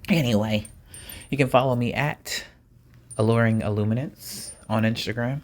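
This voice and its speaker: A man's voice: fairly low pitch, normal speed. Man, solo podcast host, casual chat, playful, talks straight to listeners, jokey asides. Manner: jokey asides with laughs and sighs.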